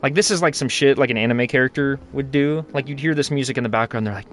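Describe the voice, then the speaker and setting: A man's voice: mid-range voice, fast, fairly bright tone. A young man casually commenting while playing a game, rambling, slangy and joking. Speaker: gaming channel host. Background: game music.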